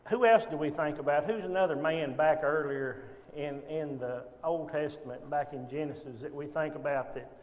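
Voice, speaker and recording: Halting man teaching a Bible class. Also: fairly high pitch, a little mellow, long reverb tail. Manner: halting, frequent restarts, rhetorical tag questions. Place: church classroom.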